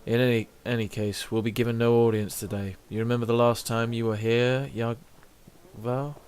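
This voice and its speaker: A man's voice: mid-range voice, little pitch movement, normal speed, darkish tone, smooth, close to an everyday voice. A man reading as a grim giant warrior. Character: male giant horned warrior, grim and weary.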